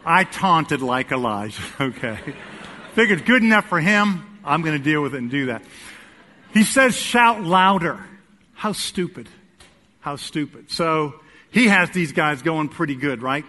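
A man preaching a sermon to his congregation, telling a humorous story and swinging between quiet asides and loud, emphatic peaks. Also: fairly high pitch, lively intonation, moderate pace. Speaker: pastor. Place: church sanctuary with congregation.

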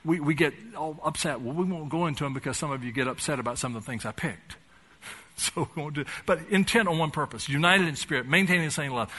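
A pastor preaches a sermon in a loose, conversational style, mixing homely jokes with passages of fervent urgency. His voice is bright and forward, pitched a little above the usual for a man. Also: fast. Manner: conversational preaching with folksy humor, rising to fervent emphasis.

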